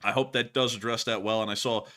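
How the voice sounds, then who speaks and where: A man hosting a casual livestream, excitable and quick to laugh. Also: fairly low pitch. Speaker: host.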